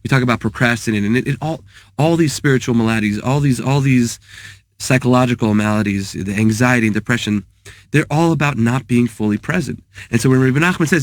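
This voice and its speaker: A man, a therapist and author, talking in a thoughtful, halting way and mixing in Hebrew terms. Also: mid-range voice, no room sound, clean studio sound. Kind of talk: casual talk with teaching.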